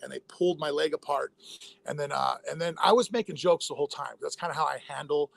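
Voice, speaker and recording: A man telling a long personal story in a casual interview, in a rapid, rambling way with many fillers and restarts. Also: on the high side, gravelly. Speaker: interview guest, former fighter.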